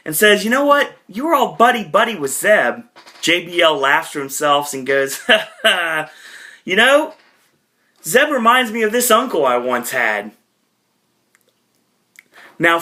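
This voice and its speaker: A man's voice: medium pitch, pushed and bright. A man giving a casual, chatty recap monologue as a podcast reviewer, with frequent asides to his viewers.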